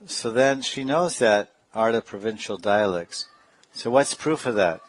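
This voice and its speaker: A man's voice: lowish voice, expressive, measured pace, low-quality recording. A man giving a sermon as a spiritual teacher, telling stories and now and then imitating other people's speech playfully. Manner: storytelling with playful imitations and laughs.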